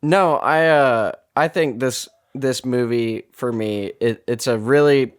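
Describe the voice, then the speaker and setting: A man's voice: medium pitch, slow. A man co-hosting a podcast, talking through a movie review in a rambling way and correcting himself as he goes. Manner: rambling, self-correcting, laughs easily. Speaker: podcast co-host. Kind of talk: casual movie-review chat.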